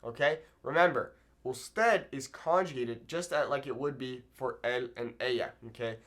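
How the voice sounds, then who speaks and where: A man's voice: medium pitch, normal speed, a bit bright. A man teaching a Spanish lesson at a whiteboard, explaining patiently and checking in with "okay?" after each point. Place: room with a whiteboard.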